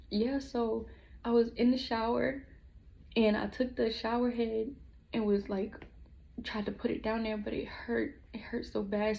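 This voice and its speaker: A woman telling a personal story in a vlog, halting and emotional, with many restarts, her voice often dropping to a hush. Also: medium pitch, vocal fry, a little hiss or hum, low-quality recording. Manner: halting, with frequent restarts and pauses; soft and hushed, dropping at times to a whisper. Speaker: vlogger.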